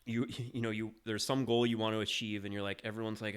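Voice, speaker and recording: A man with a clear, smooth, somewhat low voice hosts a casual podcast chat. He rambles and hesitates, often restarting mid-sentence. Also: fairly even intonation, brisk. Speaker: podcast host.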